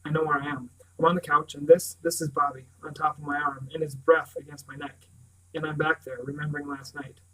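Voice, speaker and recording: Man reading a novel, hushed and intimate. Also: on the high side, level tone, low-quality recording. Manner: measured, often sinking to a hushed, intimate tone. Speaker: audiobook reader. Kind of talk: first-person novel reading.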